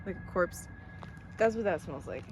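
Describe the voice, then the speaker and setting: A young woman hosting a casual ghost-hunting vlog outdoors by train tracks, joking and crude, loudly calling into the dark. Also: fairly low pitch, lively intonation, moderate pace, noisy background. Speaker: host.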